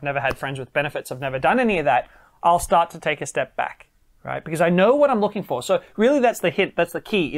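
A man giving dating advice straight to camera, emphatic and repeating phrases for stress. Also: fairly high pitch. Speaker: dating coach.

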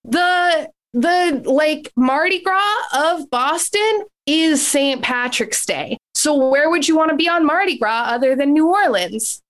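A woman with a high voice tears through a comic rant. She is brash and profane and piles up jokes quickly. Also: expressive, a bit bright. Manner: brash, profane, fast riffing. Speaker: comedy panelist. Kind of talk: comedic debate rant.

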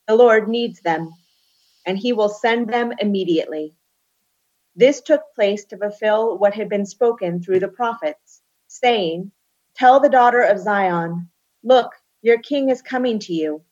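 A woman's voice: mid-range voice, darkish tone. Woman reading scripture, lo-fi sound. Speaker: podcast co-host reading scripture. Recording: dull lo-fi sound.

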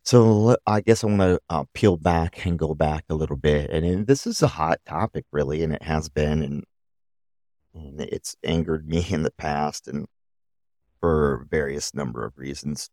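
A man's voice: very deep voice, moderate pace, darkish tone, no echo, studio quality. A middle-aged man hosting a solo podcast, giving opinions in a rambling way with many restarts. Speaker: podcast host.

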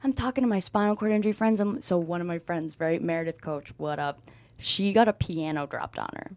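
A young woman, a guest on an interview show, telling her story with lively energy and acting out what people said. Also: lowish voice, a little fast, no room sound. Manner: animated storyteller, acts out quoted dialogue, frequent "like". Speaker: guest, former college softball player. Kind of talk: conversational interview.

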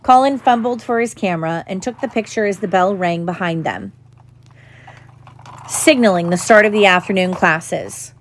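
A woman reads a storybook chapter aloud as narrator, keeping a steady, measured pace between the character voices. Her narration stays plain and even. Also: medium pitch, slight background noise. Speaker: audiobook reader.

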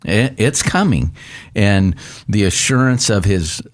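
Male pastor, low voice, dry podcast recording, conversational. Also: animated, takes it slowly, no room sound. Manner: reads confession text aloud, laughs easily. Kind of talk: casual theological discussion.

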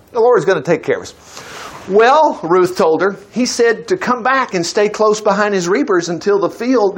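Lively high-voiced man teaching scripture. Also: slightly rough. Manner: enthusiastic, interjecting exclamations. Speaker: Bible teacher. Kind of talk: reading scripture aloud with running commentary.

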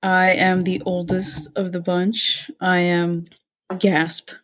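Wry woman of thirty, lowish voice. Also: monotone, slow pace, fairly bright tone. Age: 30s. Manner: wry, self-mocking. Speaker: podcast co-host. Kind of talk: casual podcast chat.

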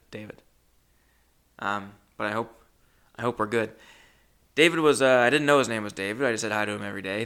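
A young man hosts his own podcast, telling a story in a loose, rambling way full of self-mocking asides. His voice has a gravelly fry and a bright, forceful tone. He swings between loud bursts and muttered remarks. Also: medium pitch. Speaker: podcast host. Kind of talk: casual storytelling monologue.

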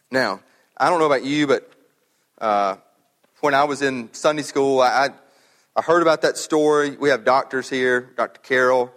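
A man's voice: mid-range voice, normal speed, fairly bright tone. A man preaching a sermon as pastor, in a conversational way, often repeating words as he thinks aloud. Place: church sanctuary. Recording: long hall reverb.

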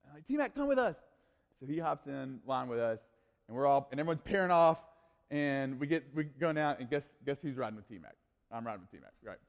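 A man, a youth pastor, telling a story in a sermon, animated and casual with lots of fillers. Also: mid-range voice, a little fast, creaky, in a large hall.

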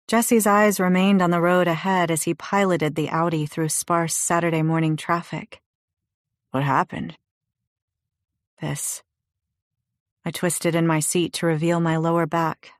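A woman narrating a first-person audiobook in a measured, low and intimate way. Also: level tone, no echo, studio quality.

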